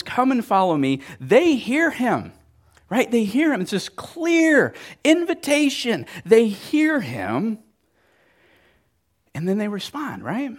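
A man preaching a sermon in a casual, conversational way, often checking in with the listeners by asking "right?". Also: high voice. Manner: lively, animated delivery. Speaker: pastor.

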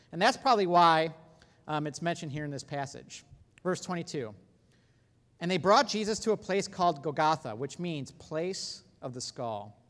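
Male pastor, higher register, earnest sermon delivery with loud-to-hushed swings, long reverb from a big hall. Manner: earnest preaching, swings between loud emphasis and hushed lows.

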